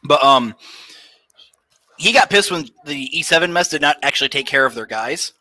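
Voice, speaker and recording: Bright-voiced young man swapping navy stories. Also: on the high side, lively intonation, moderate pace, no room sound. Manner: profane, loose storyteller. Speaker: podcast guest. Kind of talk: casual storytelling chat.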